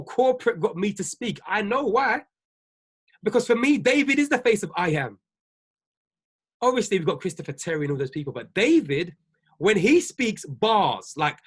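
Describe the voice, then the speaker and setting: A man's voice: high-pitched, fairly bright tone, husky. A man, a business coach giving a preachy, emphatic livestream talk to his viewers. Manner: preachy, repetitive, emphatic, laughs often.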